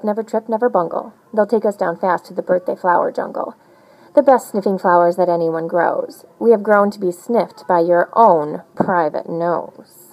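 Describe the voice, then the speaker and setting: A woman reads a rhyming picture book aloud in a bouncy, sing-song way. Her pitch rises and falls widely from line to line. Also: rough recording. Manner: animated, sing-song storytelling. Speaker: storybook reader.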